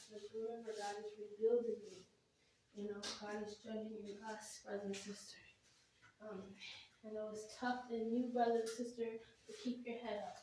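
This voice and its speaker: A woman giving a spontaneous online devotional, repeating "brothers and sisters" and swinging from soft murmurs to loud exclamations. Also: fairly high pitch, recorded from a distance. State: emotional, holding her chest. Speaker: online preacher. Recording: very echoey room, voice off-mic, faint noise.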